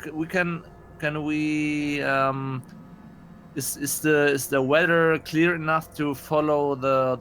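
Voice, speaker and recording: A man playing a tabletop game, speaking in a halting, hesitant way full of fillers and restarts. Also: medium pitch, a bit bright, a little hiss or hum. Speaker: player.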